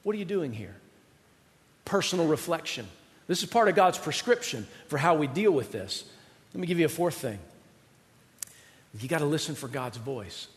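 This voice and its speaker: A man preaching a sermon, swinging from loud emphasis to hushed near-whispers and acting out God's voice in paraphrase. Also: fairly high pitch, animated, moderate pace, big-room sound. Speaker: pastor.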